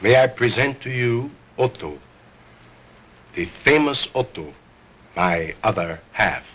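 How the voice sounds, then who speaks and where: A man's voice: mid-range voice, expressive, takes it slowly, fairly bright tone, slightly rough. A man performing as a ventriloquist on stage, speaking as a grand, formal showman. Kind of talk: stage comedy act.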